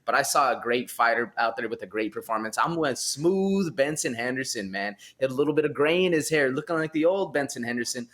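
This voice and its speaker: A man co-hosting a podcast, giving his picks in relaxed, enthusiastic chat. His voice sits in an ordinary middle pitch. He sprinkles "man" and "bro" through his sentences. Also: brisk, hardly any pauses. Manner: easygoing, enthusiastic, uses "man" and "bro" a lot. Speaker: podcast co-host. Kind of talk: casual sports podcast chat.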